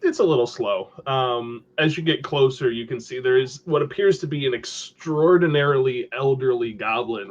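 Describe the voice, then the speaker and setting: A man's voice: mid-range voice, fairly bright tone. Male game master narrating a tabletop game; descriptive delivery, mid voice, muffled audio. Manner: descriptive, with fillers. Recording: slightly dull lo-fi audio.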